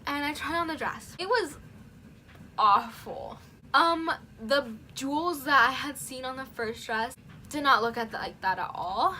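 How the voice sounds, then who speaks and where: A teenage girl YouTuber telling a dramatic storytime in a casual vlog, animated and full of "like". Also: sits high, unhurried, a little hiss or hum. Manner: animated, dramatic retelling with lots of "like".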